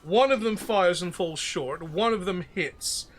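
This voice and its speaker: A man's voice: high voice, measured pace, slight background noise. A man narrating as game master at a tabletop game, chatty and joking with fillers.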